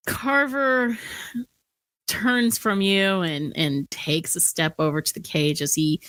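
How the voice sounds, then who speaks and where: Slow-talking woman game master. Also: lowish voice, steady tone, a bit bright, dry recording. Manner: casual, filler-heavy narration. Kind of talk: narrating a tabletop game.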